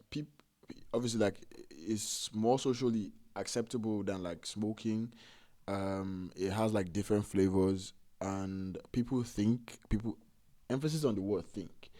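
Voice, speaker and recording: A man casually reacting to video clips, rambling and halting as he corrects himself and fills gaps with "like". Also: on the low side, mellow.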